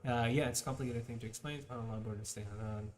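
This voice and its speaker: A man's voice: medium pitch, fairly even intonation, racing, long reverb tail. A male livestream host chatting casually with his viewers in a laid-back, slangy way, reading their messages aloud.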